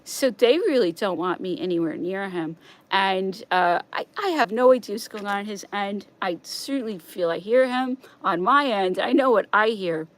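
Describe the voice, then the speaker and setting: A woman talks alone to her stream in a rambling monologue, her voice sitting at an ordinary middle pitch. She circles back over the same points, pushes up louder when she gets worked up, then drops to a hushed, subdued murmur. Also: lively intonation, normal speed. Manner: agitated, repetitive, swings from loud to hushed.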